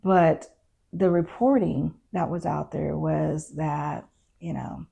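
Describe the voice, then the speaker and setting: Middle-aged woman, former constable telling her side in an interview, husky low voice, chatty. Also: steady tone, slow pace, mellow. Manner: conversational, retells events with quoted dialogue. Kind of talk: casual interview storytelling.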